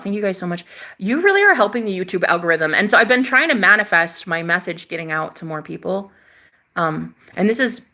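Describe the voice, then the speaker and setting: A young woman with a bright, forceful, mid-range voice hosts a spiritual livestream. She chats casually, reads viewer comments aloud with sass, swears freely, and laughs often.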